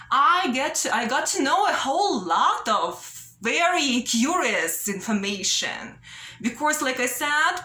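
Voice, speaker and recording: A woman pleads slowly and earnestly to her viewers, repeating her points and checking in with "yeah?". Her voice sits a little high and sounds bright and sharp. The room around her is echoey. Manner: slow, repetitive, pleading, ends phrases with "yeah?". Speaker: vlogger. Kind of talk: earnest direct-to-camera appeal. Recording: roomy echo.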